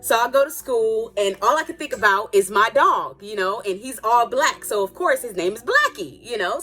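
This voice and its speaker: An adult woman telling a personal story in a casual, animated and dramatic way, with playful asides. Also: on the high side, normal speed, few pauses, faint music behind. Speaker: storytime vlogger.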